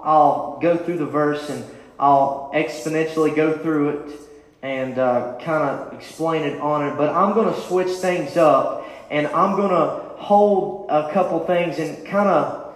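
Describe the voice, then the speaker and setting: Male preacher, fervent and rising, higher voice, echoing church hall. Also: unhurried. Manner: rising, impassioned preaching with repeated calls. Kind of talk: sermon. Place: church sanctuary.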